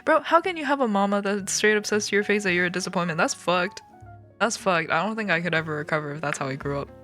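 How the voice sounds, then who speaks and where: A woman's voice: mid-range voice, lively intonation, quick pace, a bit bright, faint music behind. A woman streamer reading a children's book aloud, breaking off for joking, swearing asides.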